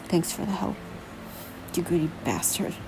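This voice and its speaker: A woman voicing an injured rich young man, speaking low, quiet and strained as she reads a novel aloud. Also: fairly even intonation, racing, background noise, natural voice.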